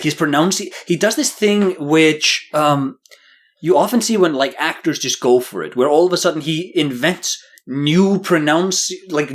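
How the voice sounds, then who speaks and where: A man with a fairly high voice co-hosts a casual podcast, sharing critical takes in an animated, joking way. His delivery is loose and conversational. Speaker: podcast co-host.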